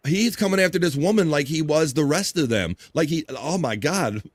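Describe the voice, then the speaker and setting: A man hosting a live stream, reacting to clips with loud, joking commentary full of swearing. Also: a little high, expressive, normal speed, very noisy. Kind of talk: casual chat reacting to clips.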